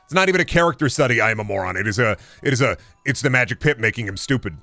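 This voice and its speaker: A young male streamer talking at a middle pitch with a lively, swooping delivery. He chats casually and rants with heavy swearing. Faint music plays behind him. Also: racing, no room sound. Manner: animated, profane ranting. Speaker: game streamer. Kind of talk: casual chat while gaming.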